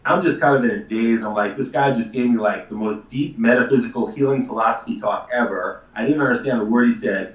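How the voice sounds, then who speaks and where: A man's voice: mid-range voice, roomy sound, far from the mic, dull audio. A man telling a long story in casual, emphatic talk, a chiropractor guesting on a live show. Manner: animated, emphatic, swears casually.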